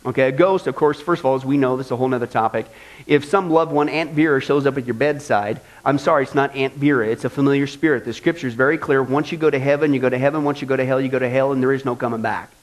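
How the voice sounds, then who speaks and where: A man's voice: medium pitch, fast talker. A male pastor preaching a sermon in a folksy style, driving points home with repetition.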